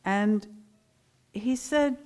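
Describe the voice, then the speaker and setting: A middle-aged woman giving a Sunday sermon, telling a story in a lively, animated way. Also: mid-range voice, drawn-out words. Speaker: minister giving a Sunday talk.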